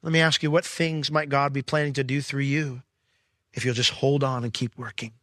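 A man preaching a sermon as pastor, reading scripture and paraphrasing it in casual slang, swinging from excited peaks to low, quiet stretches. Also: moderate pace, dry recording, clean studio sound. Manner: emphatic, rising to excited peaks then dropping low.

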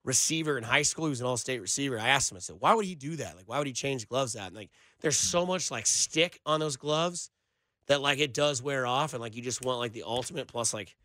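A man's voice: mid-range voice, expressive, brisk, bright, forceful tone, no room sound. A man hosting a casual sports talk radio show from a studio, rambling loosely with lots of filler words. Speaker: radio show producer and host. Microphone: studio microphone.

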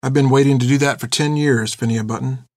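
A man voicing a quiet, earnest young man in an audiobook. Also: medium pitch, fairly even intonation, fairly quick, dry recording, studio quality, close to an everyday voice. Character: gentle careful young man.

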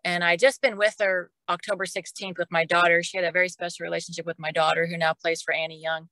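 A woman's voice: fairly low pitch, flat delivery, fast talker, sharp tone, rough recording. A middle-aged woman, a podcast guest, telling a personal story in a casual, emotional way and often repeating words. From Oklahoma.

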